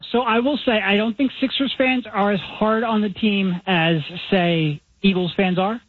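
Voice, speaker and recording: A man, a guest sports reporter, answering interview questions in a measured, hedging way over the phone on radio. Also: high-pitched, steady tone, breathy edge, no echo. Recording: tinny phone line.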